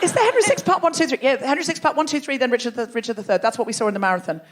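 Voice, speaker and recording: A woman's voice: on the high side, racing, noisy background. A woman hosting a live comedy show, bantering playfully and teasing the audience from a theatre stage. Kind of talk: live stand-up crowd work.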